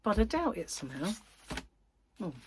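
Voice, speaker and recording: A woman's voice: medium pitch, very animated, moderate pace, a little mellow, a little hiss or hum. A woman hosting a crochet vlog, chatting in a rambling, giggly way. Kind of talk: casual chat.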